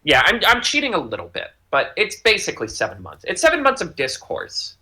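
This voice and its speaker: Bright, lively podcast host, jokey. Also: male voice, a little high, a little fast. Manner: jokey, rambling, slips into silly voices. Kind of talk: casual chat.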